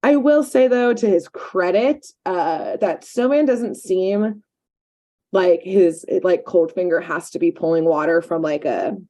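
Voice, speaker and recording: A podcast co-host goes over a cartoon episode in relaxed, chatty conversation, dropping "like" and "um" often. Her mellow voice is fairly low and moves at a measured pace.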